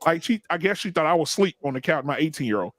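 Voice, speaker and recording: A middle-aged man co-hosting a podcast, telling stories in a blunt, profane, animated way. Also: a little high, very fast, no room sound. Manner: blunt, profane, animated storytelling with acted quotes. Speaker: podcast co-host. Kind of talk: casual group chat, storytelling.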